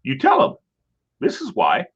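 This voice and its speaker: A man co-hosting a podcast in casual chat, telling stories and acting out voices with big jumps in pitch. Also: wildly swooping pitch, unhurried, fairly bright tone, breathy edge. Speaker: podcast co-host. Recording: dull lo-fi sound.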